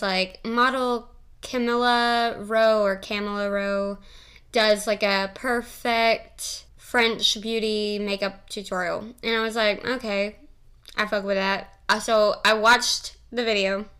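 A woman's voice: medium pitch, flat delivery, slow pace, fairly bright tone, smooth. A young woman hosting a solo podcast, chatting casually in a rambling, giggly, profane and playful way. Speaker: podcast host.

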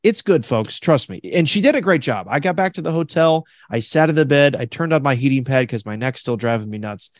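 A man co-hosting a podcast, telling a story in a casual, animated way and laughing as he goes. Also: medium pitch, fairly quick, hardly any pauses, no room sound, studio quality. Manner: animated, laughs through his stories, acts out the people in them. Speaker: podcast co-host.

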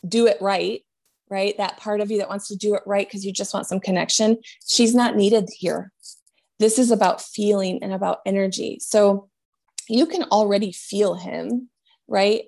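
Gravelly-voiced woman giving a medium reading. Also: medium pitch. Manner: gentle, reassuring, often trailing off and restarting. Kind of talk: spiritual reading, conversational.

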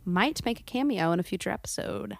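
A woman's voice: mid-range voice, animated, a little fast, creaky. A woman co-hosting a podcast in casual chat, talkative and giggling. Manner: chatty, giggly. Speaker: podcast co-host.

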